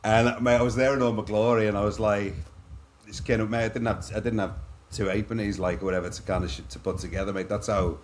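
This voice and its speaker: A middle-aged man from Liverpool, England, with an English accent, appears as a podcast guest, candidly sharing his own stories in a chatty, anecdotal way and calling the host "mate." He talks fast in a lowish, level voice, with slight background noise.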